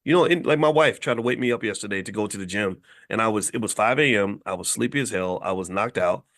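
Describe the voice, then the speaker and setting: A man's voice: lowish voice, quick pace, fairly bright tone. Blunt, emphatic middle-aged man from Kentucky. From Louisville, Kentucky, USA. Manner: blunt, emphatic, repeats words as he builds a point. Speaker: host. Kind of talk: motivational commentary monologue.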